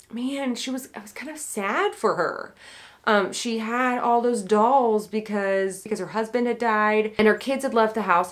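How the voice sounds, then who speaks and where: Woman book vlogger, chatty and playful, rambles with ums and excited asides. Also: fairly high pitch. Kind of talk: casual chat to camera.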